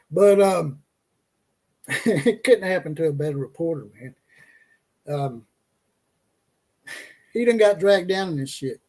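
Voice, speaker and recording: Hosting a casual college football livestream, this man mocks teams and players with profane jokes, reads out chat comments, and laughs at his own lines. His voice is a little high and darkish, animated but slow, with frequent pauses.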